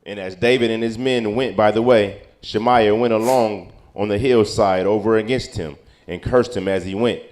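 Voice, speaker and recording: A man reading old-style Bible verses aloud at a steady pace, now and then stumbling over a word. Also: on the low side, normal speed, hardly any pauses. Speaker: scripture reader.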